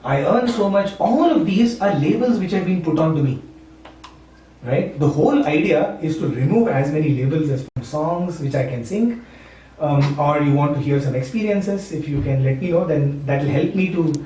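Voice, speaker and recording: A man's voice: fairly high pitch, normal speed, mellow. A man from Maharashtra, giving an informal spiritual talk. He speaks conversationally, often checks with "right?" and chuckles. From India, Maharashtra. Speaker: satsang speaker, university teacher. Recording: echoey room, far from the mic, faint hum.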